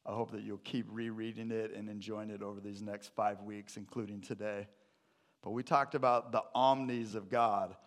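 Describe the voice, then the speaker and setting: A man's voice: on the low side, little pitch movement, normal speed. A man preaching a sermon, opening with a funny story before teaching on scripture. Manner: storytelling with a joke, then teaching. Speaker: pastor.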